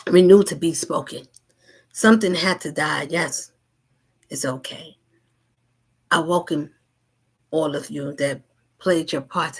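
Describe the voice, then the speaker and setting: Woman, low gravelly voice, spiritual host, rhythmic and repetitive, whispers and loud asides. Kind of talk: spoken spiritual message.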